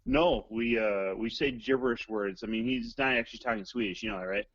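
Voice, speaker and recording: A caller on a talk show, this man has a fairly low, steady voice that is brisk and a bit bright, rambling along and cracking crude jokes in casual phone chat. The dry recording comes through a dull, lo-fi phone line.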